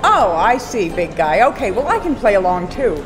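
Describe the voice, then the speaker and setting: An actress playing an excitable, flustered city woman in a radio soap. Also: medium pitch, music in the background, lightly acted. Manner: flustered, quick to object.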